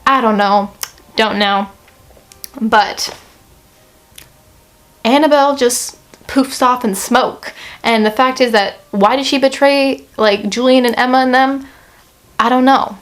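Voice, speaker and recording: A young woman giving a casual book review vlog, chatty and expressive, swearing freely and saying "like" a lot. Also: a little high, slow, pauses often.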